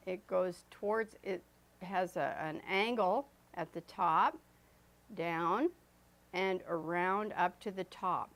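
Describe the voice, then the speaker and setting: A woman teaching an oil painting lesson as she paints, chatty and loose, with fillers and self-corrections. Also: mid-range voice. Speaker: art instructor. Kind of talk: painting demonstration.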